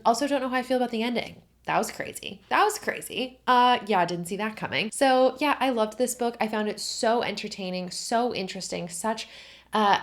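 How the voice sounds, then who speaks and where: Gushing young woman with a gravelly voice. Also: medium pitch. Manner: gushing, animated, filler-heavy. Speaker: book vlogger. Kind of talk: casual book review chat.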